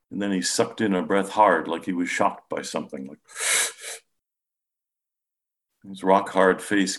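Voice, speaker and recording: A man with a very low voice narrates a clinical case from his practice in the first person. His delivery is calm and measured, softening into a gentle tone. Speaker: psychiatrist.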